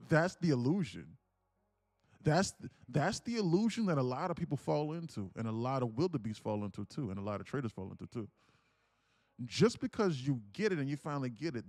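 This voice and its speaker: A man streaming live, casually teaching trading through an animated story, with many fillers and frequent laughter. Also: mid-range voice, no echo.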